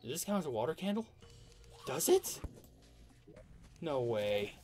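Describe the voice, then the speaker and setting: Lively let's play host, excitable, chatty with enemies, pitch swinging wide over low game music. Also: a little fast. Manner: excitable, talks to enemies, frequent outbursts. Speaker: gamer commentating own playthrough.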